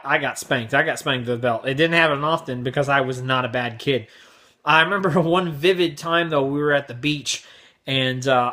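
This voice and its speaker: A man's voice: on the high side, bright, forceful tone. A young man hosting his vlog, telling crude, exaggerated stories in a brash comedic rant. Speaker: vlog host.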